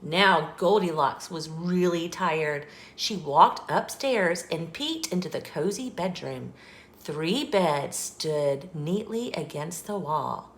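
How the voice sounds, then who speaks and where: A woman hosting a children's channel, reading a picture book aloud with slow, expressive storytelling. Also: on the low side. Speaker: children's story reader and host. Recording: echoey room.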